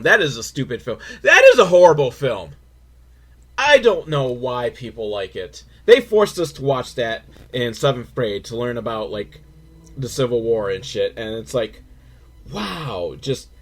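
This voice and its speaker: A man in his forties with a lively, bouncing voice that rises and falls all over the place. He wanders through his thoughts, full of sarcasm and casual swearing. It sounds like a comedic review of a film. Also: medium pitch. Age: 40s. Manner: sarcastic, profane and rambling.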